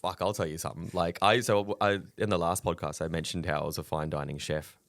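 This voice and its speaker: A man's voice: deep voice, little pitch movement, quick pace, fairly bright tone, dry recording, studio quality. A man, a comedian chatting candidly on a podcast, swearing freely and laughing between stories. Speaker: comedian guest. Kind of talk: casual podcast chat.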